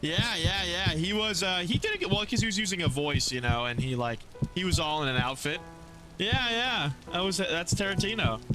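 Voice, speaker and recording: Animated young man chatting on stream. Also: high voice, moderate pace. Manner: animated, reads out and answers chat, trails off and restarts. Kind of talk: casual live-stream chat with viewers. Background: music.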